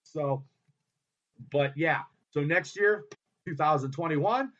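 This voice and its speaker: A man hosting an internet radio show, telling a long rambling story in an excitable, profane way that keeps trailing off and restarting. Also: on the high side, takes it slowly. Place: his home studio. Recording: dull lo-fi internet radio audio.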